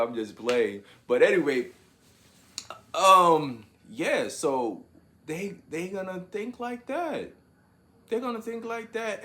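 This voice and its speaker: Slow-talking man giving opinion commentary. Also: a little high, fairly bright tone. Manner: drawn-out, repeats words while searching for the point.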